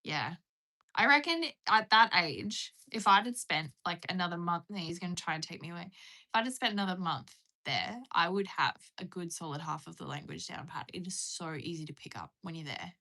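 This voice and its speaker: A woman's voice: lowish voice, normal speed, bright, forceful tone. A young British woman chatting casually on a live stream, giggly and rambling, calling out to her pet now and then.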